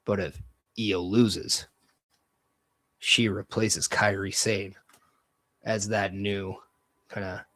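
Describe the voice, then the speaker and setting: A man's voice: on the low side, takes it slowly, long pauses, no echo. A man hosting a solo podcast, talking casually and with energy, giving strong opinions as he goes. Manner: energetic, opinionated, loose fantasy-booking talk. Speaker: podcast host.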